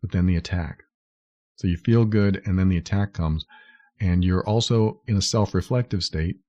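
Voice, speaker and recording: A man's voice: low voice, normal speed, dark tone, no echo, dull audio. A man hosting a podcast, talking earnestly and explaining things step by step, sometimes acting out what someone might say. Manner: earnest, explains step by step, acts out quoted lines. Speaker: podcast host. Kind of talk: solo podcast advice talk.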